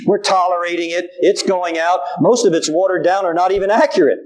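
A middle-aged man preaches with a high, bright-sounding voice, lively and animated. He slips into little acted quotes from his family as he makes his points. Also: a little fast, slight background noise, low-quality recording. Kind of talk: sermon.

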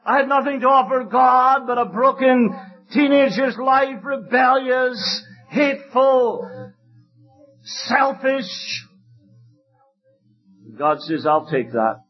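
A man preaching an evangelistic sermon, telling stories fervently and emphatically, with loud exclamations at times. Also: very high-pitched, takes it slowly, long pauses, lo-fi sound, faint music behind.

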